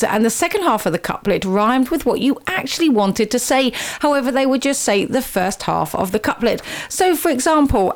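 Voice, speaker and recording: A woman hosting a radio show in a studio, chatty and teasing as she quizzes her guests. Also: a little high. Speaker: radio host.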